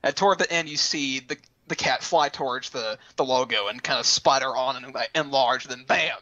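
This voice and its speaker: A man from Texas hosting a casual gaming roundtable, chatting loosely and breaking into quick silly voice impressions. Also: mid-range voice, pushed and bright. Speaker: host of a gaming roundtable stream. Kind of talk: casual chat. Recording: lo-fi dull sound.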